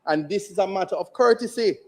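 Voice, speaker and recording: A Jamaican man, an opposition member of parliament, making a forceful, rhetorical speech in the chamber and repeating lines for emphasis. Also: high voice, a little fast.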